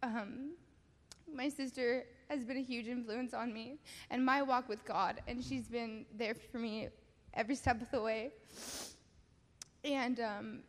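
Young woman, slightly high voice, giggly and halting, church testimony, long hall reverb. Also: steady tone. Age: young adult. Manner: giggly, halting, many fillers. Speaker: baptism candidate giving testimony. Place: church service.

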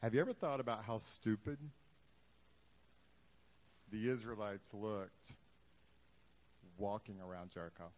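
A man's voice: lowish voice, a little slow, pauses often, darkish tone. A man preaching a sermon in a casual, joking way, acting out the Bible scenes he talks about for the congregation. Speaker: pastor.

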